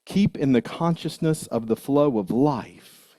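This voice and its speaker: A man's voice: mid-range voice, unhurried, no echo, clean studio sound. A man, possibly, giving a conversational, jokey sermon and talking directly to his congregation. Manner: animated, jokey, talks to congregation. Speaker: minister.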